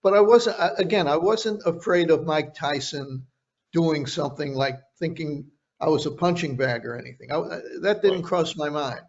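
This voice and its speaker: Older man telling stories, dull lo-fi audio. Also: on the high side. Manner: halting, with frequent restarts. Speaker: journalist guest recounting interviews. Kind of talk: conversational storytelling.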